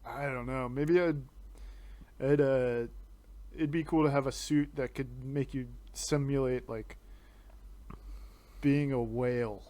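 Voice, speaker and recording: A man's voice: mid-range voice, fairly even intonation, slow, long pauses, mellow. A man co-hosting a podcast in casual chat, laid-back and drawling. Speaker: podcast co-host.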